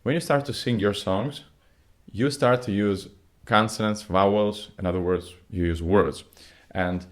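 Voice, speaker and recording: Male vocal coach, somewhat low voice; patient, step-by-step singing lesson delivery with slightly phrasing. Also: a little slow. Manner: non-native phrasing, patient step-by-step explaining.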